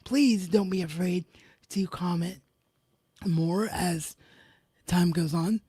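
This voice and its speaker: Enthusiastic woman reviewing wrestling, mellow voice. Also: fairly low pitch, slow pace, slightly rough, dry recording. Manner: enthusiastic, repeats emphatic words. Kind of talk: live solo show review.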